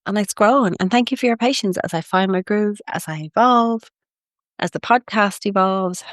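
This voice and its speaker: An Irish woman hosting a reflective spiritual podcast, a bit gravelly and sniffly from a head cold, talking in a gently effusive, repetitive way. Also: mid-range voice, moderate pace, dry recording, clean studio sound. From Ireland. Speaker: podcast host.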